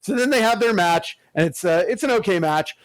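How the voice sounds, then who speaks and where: Swearing constantly, this man spins a lengthy tale while co-hosting a laid-back podcast. His voice is high and a little quick, and the audio is dry and poor.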